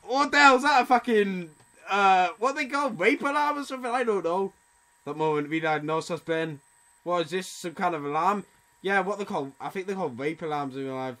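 A young man commentating a game, excitable and swearing, reading the on-screen text aloud. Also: high voice, normal speed. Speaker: gameplay commentator. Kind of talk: let's play commentary. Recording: loud game music behind voice. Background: hip hop game music.

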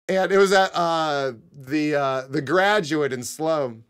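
A young man talks straight into his desk mic on a live stream, spinning a rambling story for his chat. His voice sits a little high for a man. He swears freely and keeps breaking into laughter. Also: normal speed, few pauses. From Connecticut. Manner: animated, swearing, laughing often.

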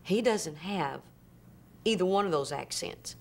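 A woman's voice: on the low side, animated, a little slow, vocal fry. A woman from Oklahoma with an Oklahoma accent, chatting casually in an interview and laughing easily at shared stories. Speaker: actress and guest. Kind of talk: casual chat.

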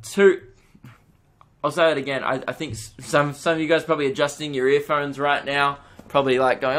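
A man's voice: mid-range voice, level tone, normal speed, a bit bright. A young Australian man hosting a solo comedy podcast, ranting with mock outrage and swearing.

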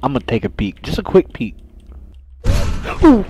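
A young man streaming a horror game, loud, profane and jumpy, talking to his chat and to the game characters. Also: mid-range voice, huge pitch swings, a little slow, vocal fry, husky. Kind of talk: horror game playthrough commentary.

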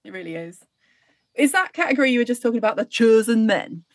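A woman co-hosting a podcast in casual chat, talking quickly and often laughing. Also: on the high side, expressive, no echo. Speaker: podcast co-host.

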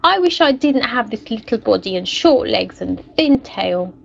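A woman's voice: fairly high pitch, animated, normal speed, creaky, muffled recording, slight background noise. A woman voicing a small, timid female mouse who feels she is good at nothing, with a wistful, pleading manner.

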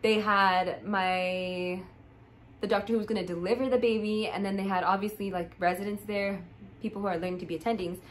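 A woman's voice: medium pitch, fairly even intonation, fairly quick, a little hiss or hum, poor audio. A young woman vlogger telling a personal story in a casual, rambling way, with many fillers and restarts, and getting emotional.

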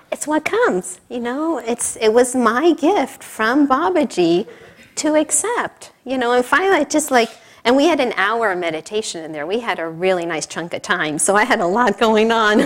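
Middle-aged woman, a bit higher-pitched, informal sermon speaker; chatty storyteller, quick to laugh. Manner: chatty, laughing often, full of asides. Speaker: speaker at a spiritual service.

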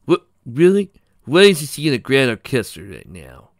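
A man voicing a charming male pony who poses as a reporter, speaking loudly and eagerly in a read-aloud pony story. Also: medium pitch, sing-song, moderate pace, dry recording, studio quality, voice pushed up, close to an everyday voice. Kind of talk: fan fiction read aloud.

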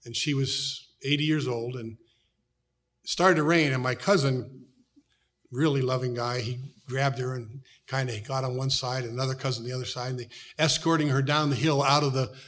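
Amerikaanse predikant met wisselend volume. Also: male voice, medium pitch, steady tone, moderate pace. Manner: storytelling, shifts from loud to hushed. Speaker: pastor. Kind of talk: sermon.

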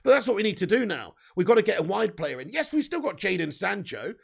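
Gravelly, high-voiced English man chatting live. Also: sing-song, quick pace. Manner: chatty, reads viewer comments aloud, swears casually. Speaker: livestream host reading chat. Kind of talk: casual live chat.

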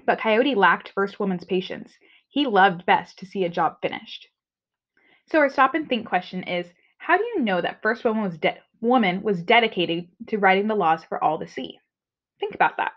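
A woman's voice: medium pitch, lively intonation, normal speed. Friendly woman teacher on a lo-fi recording. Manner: friendly, explanatory, with frequent "okay"s. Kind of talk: remote reading lesson. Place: home. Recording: dull lo-fi recording.

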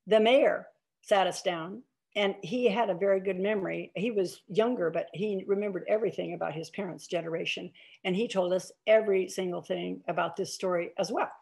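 A woman's voice: mid-range voice, a little fast, gravelly, darkish tone, breathy edge. An older woman giving an author talk over a video call, telling anecdotes in a chatty way with many fillers and restarts. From Iowa, United States.

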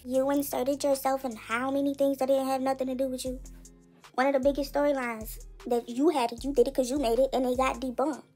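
A woman's voice: sits high, level tone, brisk, a little mellow, faint music behind. A woman hosting a casual commentary show, blunt and slangy, laughing as she talks. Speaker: host.

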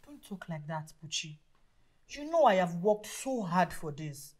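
An actress playing a busy, career-driven wife and mother who swings from weary to loud. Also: fairly low pitch, very animated, measured pace. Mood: soothing. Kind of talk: film drama acting.

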